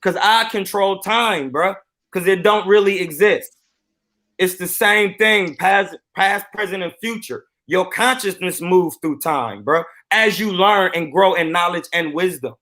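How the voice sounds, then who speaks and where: Boxing coach guy on a live stream, high bright voice, bragging his way through a story. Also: unhurried. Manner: animated, boastful storytelling.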